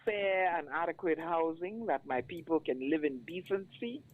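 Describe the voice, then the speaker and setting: A woman guest performing a spoken-word poem with a rhythmic, measured cadence, calling in by phone. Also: deep voice, lively intonation. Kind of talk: spoken-word poetry recital. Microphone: phone call. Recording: tinny phone line.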